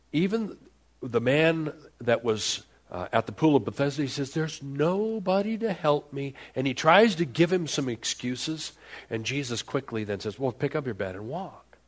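A man preaching a sermon at a church service, telling the story dramatically and acting out the voices of the people in it. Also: lowish voice. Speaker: pastor.

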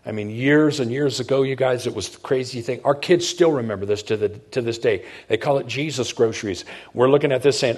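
Middle-aged male pastor, husky mid-range voice, chatty sermon delivery that keeps asking the congregation if they follow. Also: mid-range voice, brisk, hardly any pauses, darkish tone. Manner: conversational, checks in with the congregation.

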